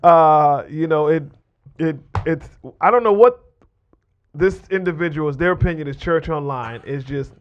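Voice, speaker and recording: A man's voice: fairly high pitch, a little slow. Man on a dull lo-fi mic. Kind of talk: casual debate.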